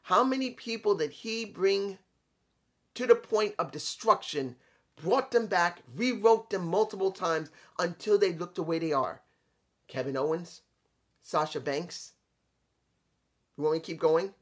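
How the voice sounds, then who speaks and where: A man's voice: high-pitched, unhurried, long pauses. Man doing a solo wrestling opinion vlog, preachy and repetitive, keeps reining himself in. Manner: lecturing, repeats himself, stops to calm himself. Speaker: wrestling commentary vlogger. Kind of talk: solo opinion rant to camera.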